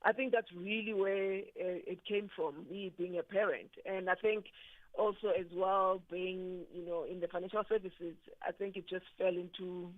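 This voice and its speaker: A woman's voice: on the low side, moderate pace, no echo. A woman entrepreneur calling in by phone to a radio show, talking with passion and stacking up fillers as she explains. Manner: animated, passionate, many fillers. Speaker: guest entrepreneur on the line. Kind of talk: phone interview. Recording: tinny phone line.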